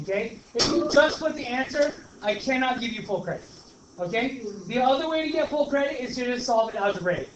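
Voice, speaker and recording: A man with a Brooklyn accent teaching a math class, talking in an animated way and calling the students guys. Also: extremely high pitch, noisy background. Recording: echoey, distant, dull classroom recording.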